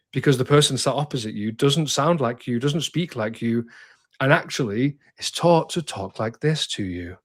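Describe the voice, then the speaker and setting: A man in his thirties, a therapist, speaking candidly in an interview, direct and emphatic, sometimes swearing and restarting his sentences. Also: medium pitch.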